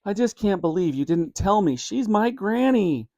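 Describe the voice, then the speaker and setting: A man's voice: high voice, animated, normal speed, mellow, no echo, lo-fi sound, pitched above the performer's own voice. A man voicing an earnest young boy in a children's storybook reading. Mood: hurt.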